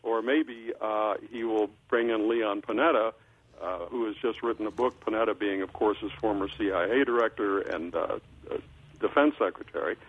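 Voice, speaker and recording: An older male political columnist on a phone line, talking in a measured way with many filler uhs and restarts. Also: fairly low pitch. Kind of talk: phone-in interview commentary. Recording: phone line, husky tinny sound.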